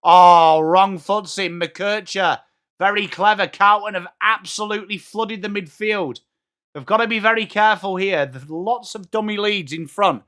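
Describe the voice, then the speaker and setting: A man with an English accent giving live football reaction commentary as a watchalong streamer, blunt and excitable, swearing and greeting his chat by name. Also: high voice, normal speed, clear, resonant tone. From England.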